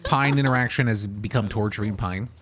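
A man's voice: fairly low pitch, a little fast, crowd noise. A man streaming games with friends, joking around and sometimes slipping into mock sports commentary, on a gaming mic. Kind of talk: casual gaming chat with friends.

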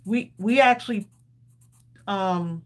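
A woman's voice: mid-range voice, takes it slowly. A woman co-hosting a live crafting stream, chatting casually with viewers and laughing often. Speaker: crafting show co-host.

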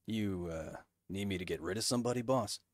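A man putting on a low, gruff generic video game tough guy voice. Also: fairly quick, no room sound, clean studio sound, close to an everyday voice.

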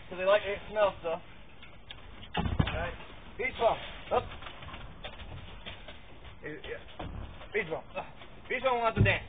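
A man giving rambling, casual commentary as he handles dogs in a pen outdoors, repeating words and grunting with effort. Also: high-pitched. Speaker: vlogger showing dog handling. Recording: tinny phone-like audio, faint noise.

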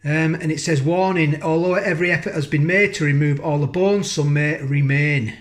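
A man's voice: on the high side, normal speed. Chatty man reviewing food. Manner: chatty, rambling, keeps asking tag questions. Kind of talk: casual food review vlog. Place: home kitchen, indoors.

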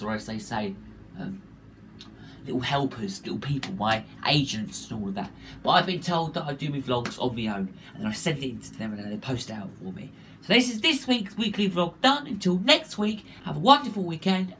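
Man, vlog host, stuffy cold, sore throat, showy, swings high and low, faint hum behind. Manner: upbeat and showy, with big jumps between bright greetings and low asides. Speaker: vlogger and show host. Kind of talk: casual weekly vlog.

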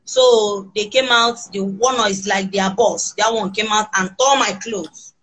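A Nigerian woman with children recounts her ordeal in halting, restarting sentences. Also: mid-range voice, fairly bright tone, breathy edge, low-quality recording. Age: adult with children. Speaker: kidnapping survivor interviewed.

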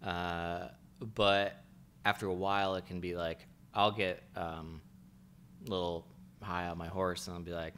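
A man's voice: sits low, level tone, measured pace, fairly bright tone, slight background noise. A man co-hosting a podcast in casual chat, rambling and searching for words with lots of fillers. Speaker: podcast co-host.

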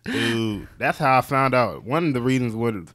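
A man's voice: medium pitch, expressive, moderate pace, fairly bright tone. A man on a podcast, chatting casually with blunt, emphatic reactions. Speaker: podcast co-host. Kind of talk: casual chat.

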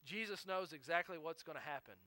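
Bright-voiced man preaching a sermon. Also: on the high side, fairly quick, no echo. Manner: earnest preaching, acting out quotes, frequent self-corrections. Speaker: pastor.

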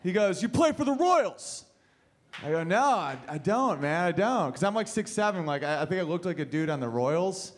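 A man's voice: a little high, expressive, brisk, hardly any pauses. A man performing a stand-up set on a comedy club stage, telling loose, rambling stories and swearing freely. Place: comedy club stage before a live audience. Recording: live club recording with crowd and noise.

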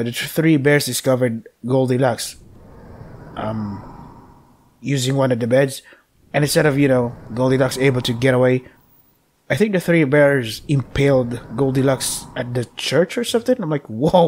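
A man's voice: medium pitch, a little mellow, slight background noise. A man casually commenting while playing a game, rambling and joking with frequent swearing. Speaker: let's play gamer.

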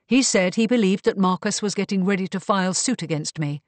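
A woman voicing a composed, evasive gentleman who speaks smoothly and blandly. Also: mid-range voice, a little fast, no echo, lightly acted. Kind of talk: audiobook character reading.

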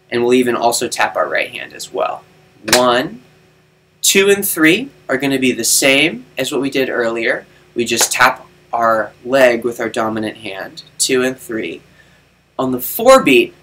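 Bright-voiced man teaching rhythm to kids. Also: medium pitch, slight background noise. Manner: clear, patient explaining, counts beats aloud. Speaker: music teacher. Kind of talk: children's online rhythm lesson.

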